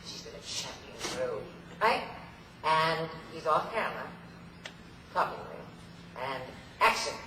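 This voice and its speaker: A woman spinning playful, theatrical stories from a convention stage, her voice rising and falling with lively swings. She sounds far from the mic in an echoey hall, with loud ambience behind. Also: low-pitched, measured pace, background noise. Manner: theatrical, playful, laughing often. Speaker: convention guest speaker. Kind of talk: on-stage anecdote telling.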